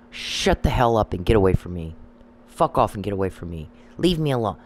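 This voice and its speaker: Gravelly man ranting bluntly. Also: on the low side, expressive, fairly quick, a little mellow, a little hiss or hum. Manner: blunt, profane, emphatic. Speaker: commentator. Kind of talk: casual monologue.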